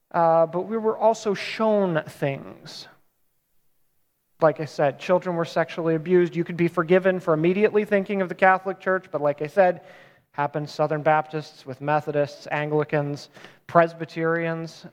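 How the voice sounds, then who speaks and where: A man with a high voice preaches in a relaxed, chatty way. He often stops to correct himself. His voice rings with the long reverb of a large hall. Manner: casual, conversational retelling with self-corrections. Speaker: pastor. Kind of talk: sermon.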